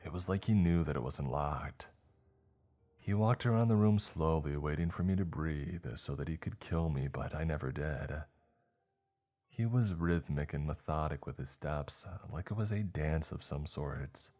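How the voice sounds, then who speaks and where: A man's voice: a bass voice, measured pace, darkish tone. A man narrating a first-person horror story in a dramatic, scripted storytelling manner.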